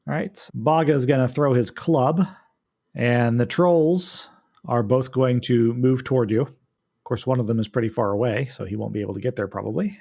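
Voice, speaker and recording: A man at middle pitch runs a tabletop game for his friends, laying out the rules step by step. His voice has a rough, gravelly edge. His delivery is patient and explanatory. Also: normal speed, a little mellow. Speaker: game master.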